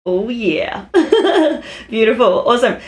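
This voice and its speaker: A woman's voice: fairly high pitch, very animated, takes it slowly. A woman hosting a podcast, upbeat and enthusiastic in casual conversation. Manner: upbeat, enthusiastic, laughs often. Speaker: podcast host. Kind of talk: casual interview chat.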